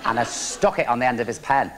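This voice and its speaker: A man's voice: mid-range voice, animated, fast, heavy background noise, lightly acted. A man doing a brassy bawdy woman comic. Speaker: comic host taking audience questions. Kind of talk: stand-up comedy before a studio audience. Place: TV studio stage. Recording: TV studio with loud audience laughter.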